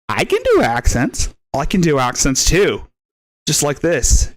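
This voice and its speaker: A man hosting a live stream, mocking a clip with crude, profane commentary, laughing and shouting insults. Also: fairly high pitch, sing-song, measured pace, no room sound, clean studio sound. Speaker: stream host.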